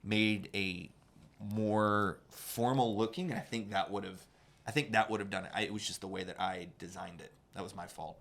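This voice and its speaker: His voice sits on the low side, steady and a bit bright, with vocal fry and a normal speaking speed. As a menswear salesman and podcast co-host on a menswear show, he chats loosely, rambling with many fillers and restarts.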